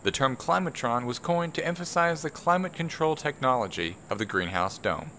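Formal documentary narrator guy, as a vlogger hams it up, pitched up and louder than he usually talks. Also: lively intonation, moderate pace, slight background noise. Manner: stiff, announcer-like reading of facts.

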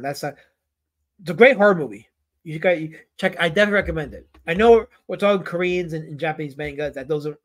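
A man hosting a casual livestream about comic artists, rambling, answering his chat and putting on playful mock outrage. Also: fairly high pitch.

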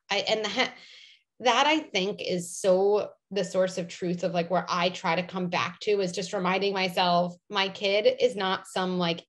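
A woman in her thirties speaks as a guest in a conversational interview. Her voice sits at a middle pitch, and she talks in an animated way, packed with "like" and "you know". Now and then she acts out other people's voices. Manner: animated, filler-heavy, acts out quoted voices. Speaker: guest psychologist.

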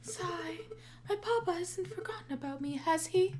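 A woman voicing a young female cat, a pampered daughter, in a soft, wistful way. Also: very high-pitched, moderate pace, voice pushed up.

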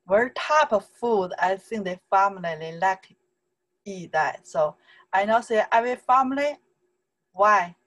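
A woman from China with a Chinese accent, teaching a casual online lesson in chatty broken English and repeating words slowly for learners. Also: medium pitch, expressive, a bit bright, poor audio.

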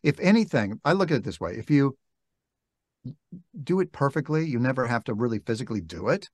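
An older man, a guest on an interview podcast, telling stories in a reflective, halting way and acting out quoted dialogue. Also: medium pitch, very animated, a little mellow, dry recording. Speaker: interview guest, narrator and actor. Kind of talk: relaxed storytelling interview talk. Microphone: podcast microphone.

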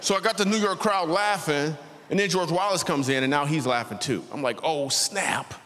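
In a large church auditorium, a man in his thirties performs stand-up, telling a story and acting out the voices. His voice is a little high, brisk and fairly bright. The reverberant hall carries a faint ambience.

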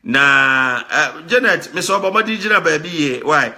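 A Ghanaian man hosts a talk show, commenting emphatically in an animated blend of Twi and English, often repeating words and laughing. His voice is on the high side, bright and pushed, with lively intonation and an unhurried pace.

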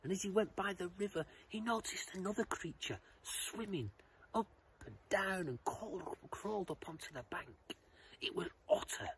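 A man telling a children's story, expressive, shifting between loud lines and whispers. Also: sits high, normal speed, noisy background.

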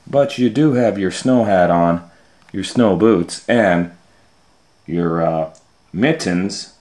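Very slow, low-voiced storytime man. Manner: expressive, swinging between loud scolding calls and hushed asides. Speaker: storytime host reading a picture book. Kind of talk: children's read-aloud.

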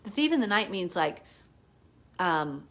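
A woman's voice: fairly low pitch, very animated, a little slow, fairly bright tone. Hyper, chatty middle-aged woman teaching. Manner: hyper, chatty storytelling full of "like"; earnest and emotional when retelling prayer. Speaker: Bible teacher. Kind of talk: live online Bible teaching.

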